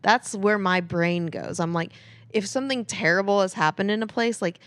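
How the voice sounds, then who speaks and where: Female comedy podcast co-host, blunt and swearing, dry close mic, mid pitch. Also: normal speed, a bit bright, dry recording. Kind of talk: casual comedy podcast chat.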